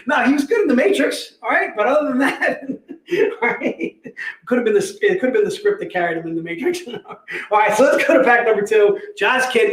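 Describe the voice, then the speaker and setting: A man hosting a casual sales livestream, energetic and joking, constantly saying "all right". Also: very high voice, moderate pace. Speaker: livestream host selling comic packs. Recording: echoey room.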